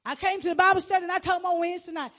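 A woman's voice: very high-pitched, fairly even intonation, racing. Fervent preaching woman, lo-fi sermon. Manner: fervent, repeats words, calls out to congregation. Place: church before a congregation. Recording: dull lo-fi recording.

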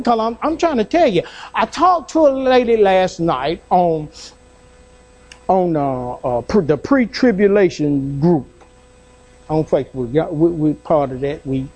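High-voiced fervent man preaching. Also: darkish tone. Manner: fervent preaching, calling out to the congregation; folksy, plainspoken talk with repetition. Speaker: pastor. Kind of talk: sermon.

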